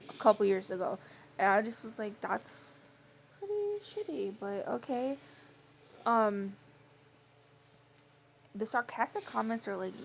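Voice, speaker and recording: A young woman chatting straight to her viewers in a soft, unhurried vlog. Her mid-pitched voice carries a steady vocal fry, and she strings her thoughts together with constant "like"s. A faint hum of noise sits under her voice. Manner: rambling, filler-heavy with frequent "like"; quiet, soft-spoken. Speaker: vlogger. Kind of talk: casual storytelling chat.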